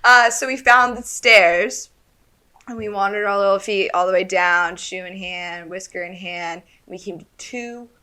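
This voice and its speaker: A woman's voice: mid-range voice, measured pace, clear, resonant tone. Playful woman improvising a comic story. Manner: playful, giggly, animated storytelling. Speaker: podcast co-host.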